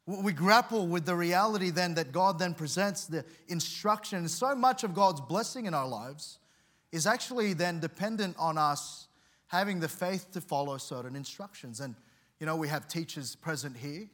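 Preacher, male, slightly high voice, earnest, stumbling restarts, swells for emphasis. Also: normal speed, fairly bright tone. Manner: earnest, repeats words and restarts often; tells a story with dramatic rises in volume. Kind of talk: sermon.

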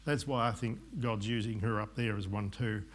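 A man's voice: lowish voice, fairly even intonation, normal speed, breathy edge. A man in his fifties, a pastor preaching in a church hall, earnest and rambling with asides and restarts. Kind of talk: sermon.

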